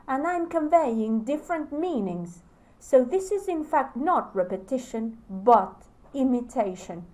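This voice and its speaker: Slow, deliberate lecturing woman. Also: high-pitched, a little mellow, poor audio. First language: Spanish. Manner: slow, deliberate, with pauses between phrases. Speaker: teacher trainer. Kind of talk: recorded lecture.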